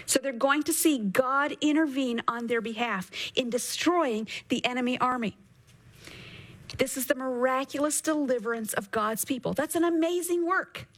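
A woman teaching from the Bible on a radio program, reading scripture slowly and earnestly, then explaining it. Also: sits high, low-quality recording. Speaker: Bible teacher and show host.

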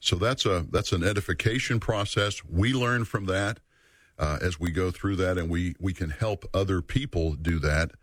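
A deep-voiced man teaches a Bible study series, earnest and measured. He leans on key words and repeats them for emphasis. His voice sounds close and dry. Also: a bit bright, dry recording.

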